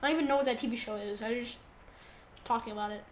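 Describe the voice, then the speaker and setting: Chatty teen girl, high voice. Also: steady tone, rapid-fire, a little hiss or hum. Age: teens. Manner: rambling, lots of fillers. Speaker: podcast host. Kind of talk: casual chat.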